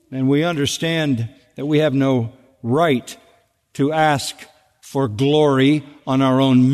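Earnest preacher in a reverberant hall. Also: male voice, on the high side. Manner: earnest, emphatic, repeats key words for stress. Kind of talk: expository sermon.

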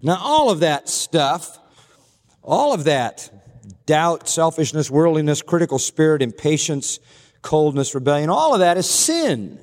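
A man preaching a sermon with earnest, emphatic delivery. His voice sits a bit high for a man, and he lays out his points in slow, deliberate lists. The sound carries a long reverb, as from a large hall. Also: big pitch swings. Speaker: pastor.

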